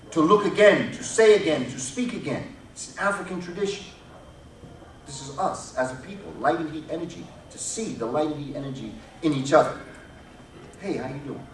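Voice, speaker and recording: A man's voice: high-pitched, a bit bright, recorded from a distance. A man giving a public lecture to an audience, emphatic and preacher-like, driving his points home with repetition. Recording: echoey hall, recorded from afar, noisy.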